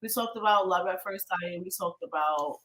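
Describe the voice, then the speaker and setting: A woman's voice: on the low side, normal speed, fairly bright tone. A woman co-hosting a podcast in casual chat, blunt and sassy. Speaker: podcast co-host.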